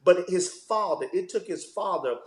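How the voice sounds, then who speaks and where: A man, a pastor, talking about fatherhood in a relaxed interview, telling stories and using "man" as a filler. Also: high voice, normal speed, echoey room. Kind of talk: conversational interview.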